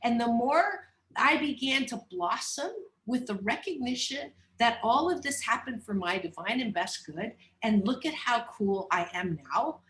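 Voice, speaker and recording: A woman with a bright, fairly high voice tells candid personal stories as a podcast guest. Her manner is animated and expressive. The recording has a noticeable roomy echo. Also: a little slow. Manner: animated, expressive, acts out voices, laughs often. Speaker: guest, organizational psychologist and coach. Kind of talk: candid storytelling in a podcast interview.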